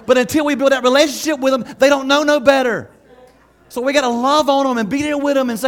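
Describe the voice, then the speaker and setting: A man preaching a sermon as pastor, conversational and lively, laughing often and acting out quotes. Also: extremely high pitch, fast.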